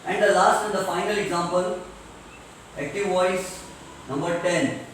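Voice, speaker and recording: Slow-speaking high-voiced male teacher in an echoey room. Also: fairly bright tone. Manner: slow, deliberate, repeats examples for students. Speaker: English grammar teacher. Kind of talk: classroom grammar lecture. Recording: echoey room, distant mic, faint hiss.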